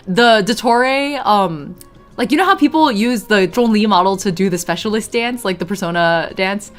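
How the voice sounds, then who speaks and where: A young woman casually chatting while streaming a video game. She talks in a chatty, easily distracted way, with bursts of excited exclamations. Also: mid-range voice, moderate pace, soft background music. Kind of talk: casual live gameplay commentary.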